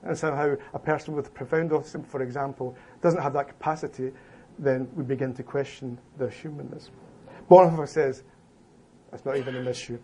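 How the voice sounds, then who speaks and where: A man giving an academic presentation to an audience in a room, reading from his prepared paper in a deliberate, emphatic way with occasional restarts. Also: mid-range voice, fairly even intonation, mellow, a little hiss or hum.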